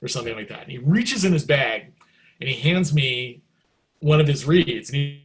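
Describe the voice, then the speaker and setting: Middle-aged male musician guest, casual storyteller, chatty and animated, average pitch. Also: normal speed. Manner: animated, jumps into excited quoted reactions; loose and chatty, many likes and you knows.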